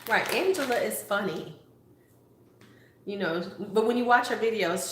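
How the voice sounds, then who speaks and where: A woman beauty vlogger chats casually on a live stream, playful and friendly with her viewers. Her middle-pitched voice rings with a clear, roomy echo, over a faint hum of background noise. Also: unhurried, long pauses. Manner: chatty, playful, talks straight to viewers.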